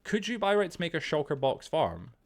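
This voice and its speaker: A man's voice: fairly high pitch, sing-song, a little fast. A young man streaming from a room at home, rambling and chatty, laughing easily as he talks to his viewers. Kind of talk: casual live-stream chat.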